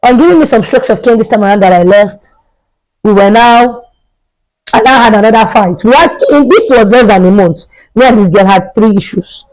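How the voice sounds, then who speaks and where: A woman's voice: a little high, moderate pace, darkish tone, low-quality recording. A young adult woman, a vlogger telling a storytime tale in a chatty way and repeating herself for emphasis. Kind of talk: storytime vlog.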